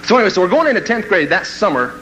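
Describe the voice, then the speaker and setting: A man with a bright, forceful voice that sits a little high for a man tells a comic personal story to an audience. He speaks as a motivational speaker, bounces between narrating and acting out the voices in his tale, and keeps the energy up throughout. A faint hiss runs beneath him. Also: rapid-fire, low-quality recording. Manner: animated, acts out quoted voices and laughs at his own story.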